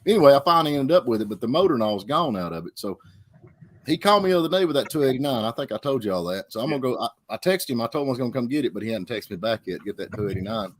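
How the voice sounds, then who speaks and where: Man, quick folksy storyteller, casual car chat, dry booth sound. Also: medium pitch, lively intonation, no room sound. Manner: fast folksy storytelling with Southern idioms. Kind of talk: casual chat about cars.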